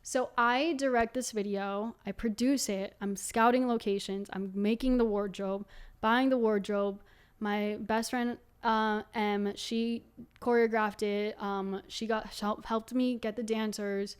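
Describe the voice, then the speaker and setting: A young woman candidly telling her life story to camera as the host of her own show, talking in a quick, loose flow with many fillers. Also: medium pitch, fairly even intonation, clean tone. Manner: candid and fast-flowing, full of fillers like "like". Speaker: singer and video host.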